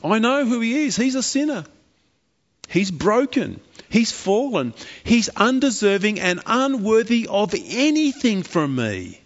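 A man voicing Jesus, speaking slowly and solemnly in a soft, gentle way. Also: high voice, big pitch swings, big-room sound, highs cut off, exaggerated voice. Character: Jesus, calm, gentle male savior.

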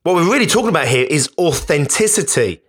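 A man's voice: a little high, sing-song, fast talker, a bit bright, slightly rough. A man hosting a podcast, speaking in an emphatic, conversational motivational monologue that often repeats itself. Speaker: podcast host.

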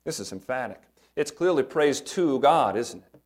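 A pastor delivers an earnest, emphatic sermon. His voice sits at an ordinary middle pitch for a man, and he leans on rhetorical questions to draw the congregation in. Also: lively intonation, moderate pace.

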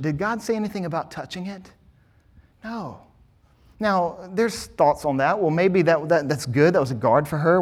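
Male pastor, fairly high voice, sermon delivery, emphatic with rhetorical questions.

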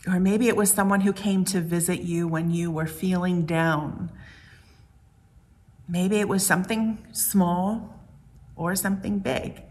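A woman preaching a sermon in a calm, reflective way. Her voice sits on the low side, and she leads her listeners through a string of gentle questions. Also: a little slow. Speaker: pastor.

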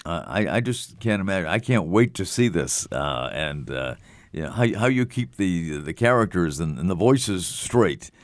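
A man hosting a live talk radio interview, halting with many fillers. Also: low voice, expressive, no echo, studio quality. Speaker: radio talk show host.

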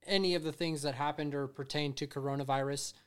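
A man's voice: a little high, steady tone, fast, clear, resonant tone. A man co-hosting a casual podcast, ranting and swearing a lot as he talks. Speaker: podcast co-host. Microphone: streamed podcast mic.

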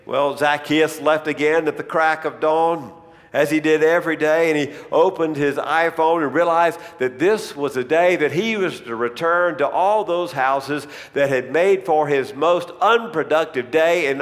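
A preacher telling a Bible story in a dramatic, storytelling manner. His male voice sits fairly high for a man. A long reverb from the hall follows every phrase. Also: a bit bright. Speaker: pastor. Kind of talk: sermon storytelling.

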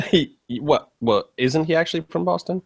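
A man's voice: fairly high pitch, moderate pace, creaky, slightly rough, no echo. A man co-hosting a podcast in casual chat, rambling and laughing easily. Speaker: podcast co-host.

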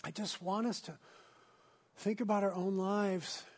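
An earnest male pastor delivering a sermon. His voice sits somewhat high for a man. He swings between urgent, pressing emphasis and hushed, whispered intimacy. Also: fairly even intonation, measured pace.

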